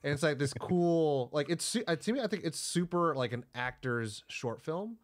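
A man's voice: fairly high pitch, animated, moderate pace. A man co-hosting a podcast who talks in a loose, chatty way, filling his sentences with "like.". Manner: loose and chatty, lots of "like" fillers. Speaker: podcast co-host. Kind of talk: casual chat.

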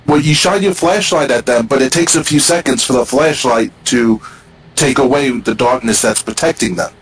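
A man's voice: mid-range voice, normal speed, low-quality recording. A man hosting a casual gaming podcast, giving opinions in a hesitant, conversational way. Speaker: podcast host. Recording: faint background noise.

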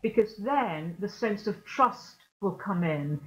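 A woman speaks over a video call that sounds a little dull and muffled, her voice sitting at an ordinary middle pitch. She explains her ideas thoughtfully, leaning on words for gentle emphasis as she answers questions in an online lecture. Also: lively intonation, slow. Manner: reflective, explanatory, softly emphatic. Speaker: guest percussionist.

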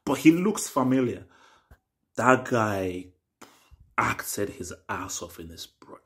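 A young man hosting a casual TV reaction video. He rambles and repeats himself, swinging between excited bursts and low mutters. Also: takes it slowly. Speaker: reaction channel host.

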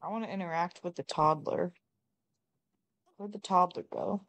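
A woman's voice: on the low side, normal speed, a bit bright. A woman giving casual gameplay commentary, exasperated, swearing often and talking at her characters. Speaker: gamer.

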